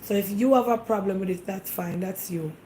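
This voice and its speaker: A woman's voice: medium pitch, a little fast, mellow, a little hiss or hum, low-quality recording. A woman with a Jamaican accent hosting a casual talk show. She speaks straight to her viewers in an emphatic, insistent way and keeps firing questions back at them. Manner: emphatic, fires rhetorical questions at listeners; speaks directly to the audience, defensive and insistent.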